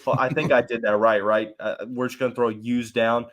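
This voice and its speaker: A man's voice: mid-range voice, fairly quick. Joking man hosting a sports podcast. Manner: animated, joking, rambling with restarts. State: has the hiccups. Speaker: podcast host. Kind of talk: casual sports podcast chat.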